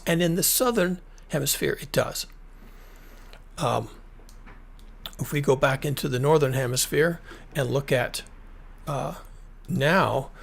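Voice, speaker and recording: A middle-aged American man hosts his own screen-share commentary, pressing his points through repetition and restarts. His voice sits a bit high for a man, with a gravelly fry and a husky, rough edge. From United States. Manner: emphatic, repetitive, with frequent restarts. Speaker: climate commentary channel host.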